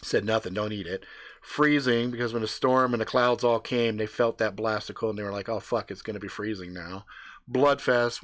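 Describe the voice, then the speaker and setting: A man's voice: lowish voice, no room sound. A man improvising a profane story live on stream, dropping laughing asides. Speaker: livestream storyteller.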